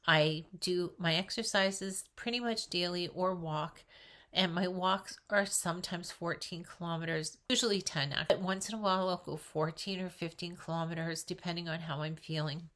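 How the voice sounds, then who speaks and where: A woman's voice: fairly low pitch, fairly even intonation, normal speed, fairly bright tone. An older woman vlogger talking casually to camera, chatty, earnest and encouraging, with a faint background noise. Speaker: weight loss vlogger. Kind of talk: casual direct-to-camera talk.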